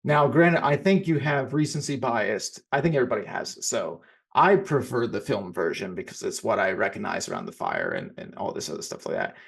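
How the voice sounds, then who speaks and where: A man's voice: lowish voice, big pitch swings, a little fast, gravelly, few pauses. A man co-hosting a casual podcast chat about films, rambling and often restarting his sentences. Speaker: podcast co-host.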